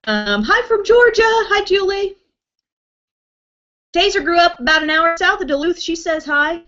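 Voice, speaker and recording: Her voice is extremely high with lively intonation and an unhurried pace as this young beauty vlogger chats casually on a home live stream. She giggles often, reads viewer comments aloud, and responds brightly to names, all captured on muffled lo-fi webcam audio.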